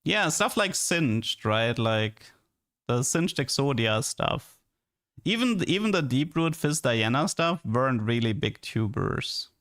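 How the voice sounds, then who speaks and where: A man's voice: medium pitch, big pitch swings, slow, fairly bright tone. A young man streaming and chatting casually, rambling and stammering, often repeating words and laughing.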